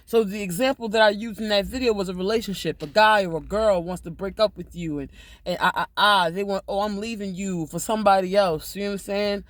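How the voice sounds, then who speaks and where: A man hosting a casual livestream, talking loudly and emphatically with lots of swearing. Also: high voice, quick pace, dry recording. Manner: loud, profane, emphatic. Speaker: livestream host.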